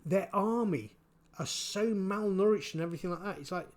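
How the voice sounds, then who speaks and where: A man giving casual spoken commentary, halting and repeating his words, chuckling often. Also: high-pitched. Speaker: vlogger.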